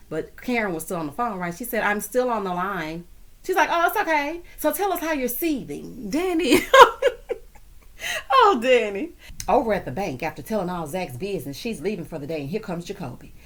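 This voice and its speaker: A woman's voice: medium pitch, fairly bright tone. A woman hosts a casual TV recap, talking to her viewers like friends. Her voice swoops up and down a lot as she gossips, laughs and teases the characters. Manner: sassy, chatty, laughs often. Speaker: TV recap host.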